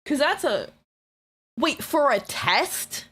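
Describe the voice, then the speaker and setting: Taking her time, a woman streamer speaks in a high voice while chatting casually with her live chat. Her manner is blunt and playful as she teases viewers, swears freely, and breaks into excited shouts and laughter.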